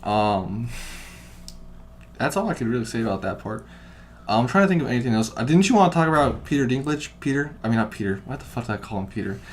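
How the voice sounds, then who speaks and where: A man co-hosting a podcast in casual chat, rambling and swearing, getting loud when he retells what people said. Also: medium pitch, big pitch swings, quick pace, slight background noise. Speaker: podcast co-host.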